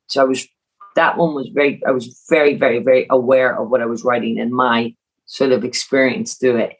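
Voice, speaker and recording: Animated middle-aged woman podcast guest. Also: very deep voice, rough recording. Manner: animated, acts out family quotes. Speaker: guest, author. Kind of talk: casual podcast interview.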